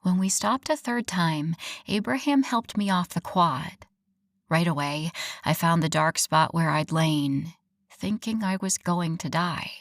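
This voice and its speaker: Gravelly-voiced woman narrating a romance audiobook. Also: fairly low pitch, unhurried, no echo, studio quality. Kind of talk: first-person audiobook narration.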